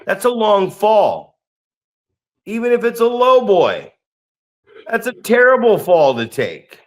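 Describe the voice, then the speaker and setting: A man's voice: sits high, big pitch swings, slow pace. A man co-hosting a podcast and training wrestlers, telling stories in a blunt, profane way. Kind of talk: casual profane podcast chat.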